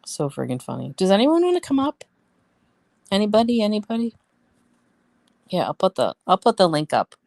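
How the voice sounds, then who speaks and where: A blunt woman vents and tells stories to her live-stream viewers, swearing freely as she goes. Her voice sits on the low side. The sound is dry and close, with no room around it. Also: wildly swooping pitch, fast talker, vocal fry, few pauses, a little mellow, no echo. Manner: chatty storyteller, talks to viewers. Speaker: livestream host. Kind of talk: casual live-stream chat.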